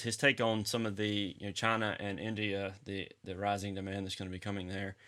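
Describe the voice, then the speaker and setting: A man's voice: on the low side, fairly bright tone. A man with a Southern US accent, co-hosting a podcast, laid-back and plainspoken as he runs through news. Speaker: podcast co-host. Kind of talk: casual chat and news roundup.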